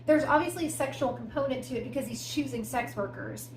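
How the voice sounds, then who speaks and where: Talking fast, a somewhat high-pitched woman co-hosting a podcast walks through a true-crime case in a chatty, friend-to-friend way. Fillers and pointed little asides keep cropping up, and the echoey room carries faint noise underneath.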